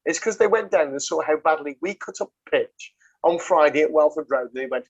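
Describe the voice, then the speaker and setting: A man hosts a laid-back podcast chat, full of swearing, fillers and jokes. His voice sits a little high. The sound is dull and lo-fi, like a home call. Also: lively intonation, fairly quick, vocal fry, breathy edge. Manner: swears freely, banter with fillers. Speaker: podcast host. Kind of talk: casual chat.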